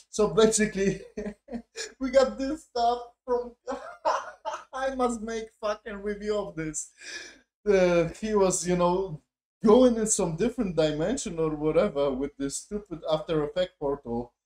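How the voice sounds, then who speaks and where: A man's voice: high voice, lively intonation, a little slow, darkish tone. A man reviewing a show in a profane, mocking, exasperated casual rant. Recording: echoey room.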